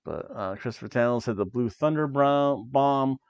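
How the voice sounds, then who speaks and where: A man's voice: medium pitch, moderate pace, a little mellow, clean tone, highs cut off. A man in his forties casually reviewing wrestling from his seat, chatty and drifting off into tangents. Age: 40s. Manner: chatty, jumps between tangents, frequent asides. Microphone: webcam while seated.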